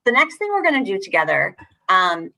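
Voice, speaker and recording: A woman's voice: mid-range voice, a little fast, vocal fry. Encouraging woman leading an online workshop. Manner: encouraging, animated teacher talk with emphatic rereading of lines. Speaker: workshop facilitator. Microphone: video call.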